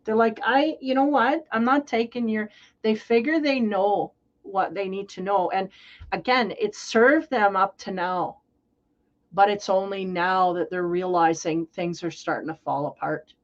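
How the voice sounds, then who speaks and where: Woman tarot reader, mid-pitched, chatty and meandering, muffled lo-fi sound. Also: a little slow. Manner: rambling, conversational, playful. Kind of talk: casual spiritual reading.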